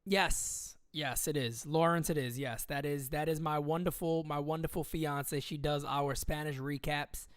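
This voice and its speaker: A man's voice: on the high side, steady tone, unhurried, hardly any pauses, no room sound, clean studio sound. A young man hosting a casual sports livestream, rambling and joking as he reads out viewer comments. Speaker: livestream host.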